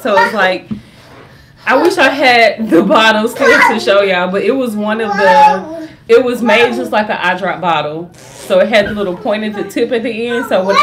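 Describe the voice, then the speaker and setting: A young woman in casual storytime chat, animated and laughing often as she tells a story, speaking in fast bursts. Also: medium pitch, very noisy. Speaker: vlogger, mother.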